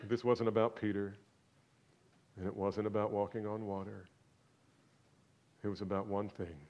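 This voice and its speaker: A man preaching a sermon, swinging from loud, exclaiming questions to hushed, almost whispered lines. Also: on the low side, flat delivery, moderate pace, dull audio. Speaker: pastor.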